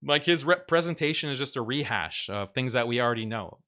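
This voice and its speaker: Bright-voiced man mocking on a livestream. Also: medium pitch, brisk. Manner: mocking, animated, peppered with "like". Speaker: livestream host reading super chats. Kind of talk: casual livestream commentary.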